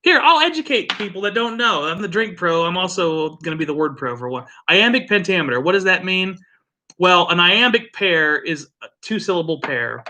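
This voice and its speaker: A man's voice: high voice, animated, normal speed, bright, forceful tone. A man hosting a casual drinks livestream, rambling and joking with profane asides. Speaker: livestream host.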